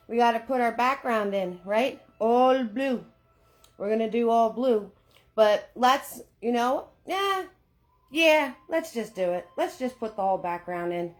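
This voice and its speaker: A woman hosting a live painting lesson, chatty and upbeat, greeting viewers by name as she gives steps. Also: a little high. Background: faint Irish music.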